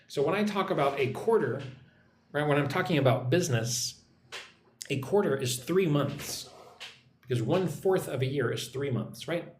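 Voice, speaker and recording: A man teaching English on a live stream, slowly modeling pronunciation and reading viewer comments aloud. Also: fairly high pitch, animated, roomy sound, slight background noise.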